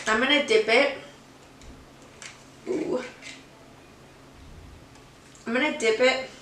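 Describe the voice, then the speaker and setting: A young woman with a high, bright voice chats her way through a snack-tasting vlog, easily excited and gushing over what she tries. She talks slowly and sits a bit back from the mic in a roomy space. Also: recorded from a distance, a little hiss or hum. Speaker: vlogger. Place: room at home.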